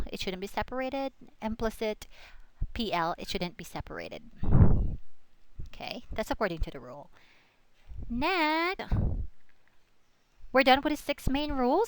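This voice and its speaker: A woman's voice: on the high side, a bit bright, smooth, dry recording, low-quality recording. A young woman giving a recorded English pronunciation lesson, spelling out letters and repeating example words. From Philippines. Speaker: student presenter.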